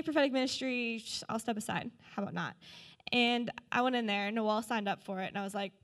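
A woman's voice: fairly high pitch, fast talker, fairly bright tone. Young adult woman, earnest and chatty, recounting her testimony to a church group. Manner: earnest storytelling, many fillers. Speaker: church member sharing a testimony.

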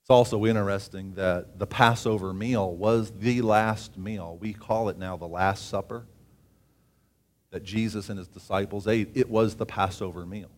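A man preaching a sermon, reading scripture aloud with asides and often rising in pitch and volume for emphasis. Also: fairly even intonation, moderate pace.

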